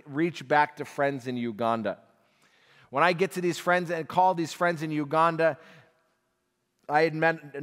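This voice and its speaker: Man, storyteller at a church class, voice a bit high, long hall echo. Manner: animated storyteller, acts out dialogue, chuckles. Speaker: guest speaker at a Bible class. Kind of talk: storytelling testimony talk.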